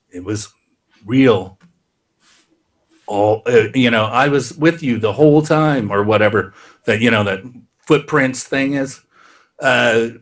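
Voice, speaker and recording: Male podcast co-host, casual and rambling, tosses in quick character voices. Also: mid-range voice, fairly bright tone. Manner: rambling, acts out characters' lines in quick asides. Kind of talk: casual plot recap.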